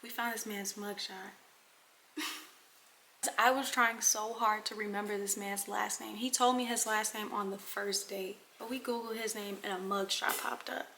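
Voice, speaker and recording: A young woman vlogger telling a casual storytime, animated and talking straight to her viewers, sometimes dropping into dramatic whispers. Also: medium pitch, normal speed, a little hiss or hum. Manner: addresses viewers as y'all.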